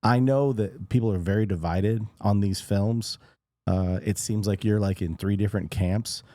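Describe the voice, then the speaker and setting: A man's voice: lowish voice, warm tone, no room sound. A man hosting a casual podcast, rambling and restarting his sentences. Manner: rambling, halting, many restarts. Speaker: podcast host. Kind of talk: casual chat.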